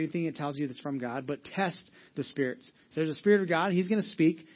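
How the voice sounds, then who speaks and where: Male pastor, brisk and energetic, slightly high voice, muffled lo-fi church recording. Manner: energetic, conversational, frequent restarts. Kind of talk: sermon. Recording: dull lo-fi sermon audio.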